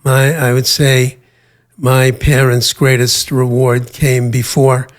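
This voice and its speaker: An older man speaks as an interview guest, recalling his past in a measured, reflective way. His pitch sits at a middling level for a man. He often stops to hesitate with fillers before he goes on. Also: flat delivery. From United States.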